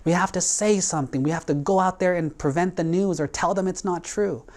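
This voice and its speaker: A man puts on a fretful young monk disciple whose voice leaps high above the storyteller's. He pleads in a rush and keeps repeating himself. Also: fairly quick, darkish tone, lightly acted. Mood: pleading alarm. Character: anxious devoted young male monk disciple.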